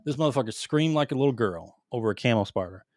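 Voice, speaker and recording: A man's voice: medium pitch, lively intonation, quick pace, darkish tone, no room sound. Man, ex-Marine, podcast co-host, profane storyteller, rambling, dry close mic. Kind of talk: casual chat, storytelling.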